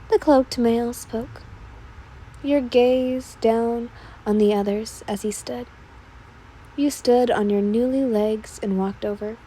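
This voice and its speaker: A woman narrating a listener role-play story in a soft, unhurried manner. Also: fairly high pitch, slight background noise, poor audio.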